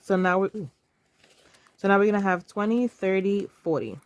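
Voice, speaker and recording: A woman's voice: mid-range voice, moderate pace. A woman in her thirties, talking casually and emotionally to camera while counting cash aloud. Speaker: vlogger.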